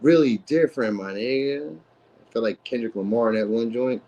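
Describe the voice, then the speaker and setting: A man's voice: mid-range voice, moderate pace, dark tone, muffled recording. A man who is a father, giving a casual live tarot reading in a slangy, rambling way. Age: adult, a father. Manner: slangy, rambling, lots of "you know what I mean". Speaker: tarot reader streamer.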